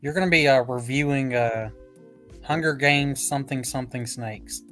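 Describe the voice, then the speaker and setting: Relaxed man hosting a chat, joking, plenty of uhs, faint music underneath. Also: mid-range voice, normal speed. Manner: joking, relaxed, hesitant fillers. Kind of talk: casual chat.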